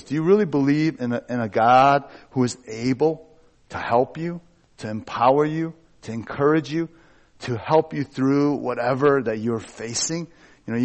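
A middle-aged male pastor preaches in a loose, conversational way, mixing personal stories with scripture. His voice sits at an ordinary mid pitch, and he talks candidly, often poking fun at himself. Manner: candid, personal and self-joking. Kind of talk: conversational sermon.

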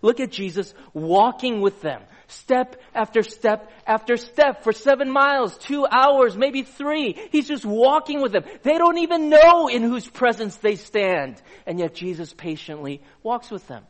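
A man's voice: very high-pitched, expressive, measured pace, few pauses. A man preaching a sermon to a live audience, talking in a conversational way and putting questions to the crowd. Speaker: pastor.

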